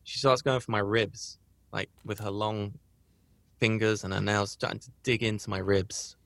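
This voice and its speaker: A man's voice: on the low side, little pitch movement, normal speed, vocal fry, fairly bright tone, dry recording. A man hosting a podcast, telling a personal story in a rambling, earnest way with frequent restarts. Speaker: podcast host. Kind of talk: casual storytelling.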